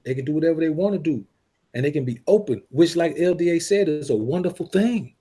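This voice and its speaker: A man's voice: a little high, expressive, fast, mellow, slightly rough. A man co-hosting a podcast, talking bluntly and profanely in a lecturing way. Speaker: podcast co-host. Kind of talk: casual podcast talk.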